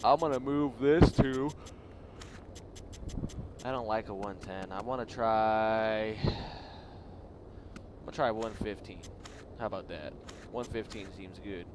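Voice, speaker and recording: A man's voice: lowish voice, slow pace, pauses often, very noisy. A man hosting a gaming channel, giving casual, rambling gameplay commentary and laughing a lot.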